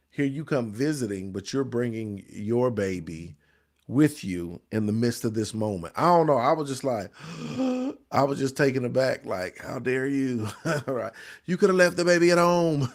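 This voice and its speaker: His voice is fairly low and creaky. On a live stream for his grief support show, the host reads viewer comments and replies in a repetitive, emphatic, preacherly manner.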